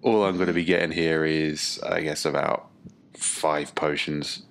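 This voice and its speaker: Very deep-voiced man playing a tabletop game. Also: fairly even intonation, measured pace, gravelly. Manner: dry, profane asides. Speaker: player. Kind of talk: casual tabletop chat.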